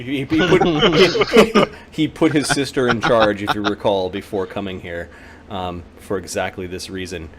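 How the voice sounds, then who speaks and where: A man's voice: on the low side, moderate pace, noisy background. A man acting as game master, narrating a tabletop game and working through rules, with many fillers.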